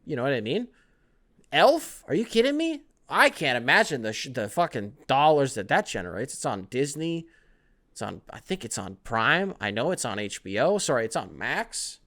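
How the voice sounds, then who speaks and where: A man's voice: medium pitch, moderate pace. A young man hosting a casual sports podcast, rambling between topics with lots of swearing. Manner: rambling, animated, profane, jumping between topics. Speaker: podcast host.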